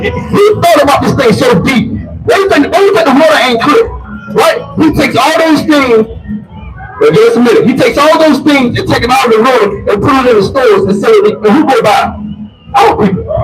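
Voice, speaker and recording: A high, animated male voice shouts a sermon outdoors and calls out for scripture readings. He throws each line back to the crowd and keeps tagging "man" and "right?" onto his phrases. The recording picks him up from some distance away. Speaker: street preacher. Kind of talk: outdoor street preaching with call and response.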